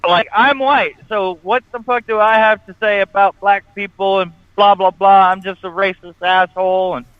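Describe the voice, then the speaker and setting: A man's voice: high voice, fairly even intonation, normal speed, clean tone, no echo, phone-quality sound. A man co-hosting a morning radio show, ranting bluntly and profanely in casual banter.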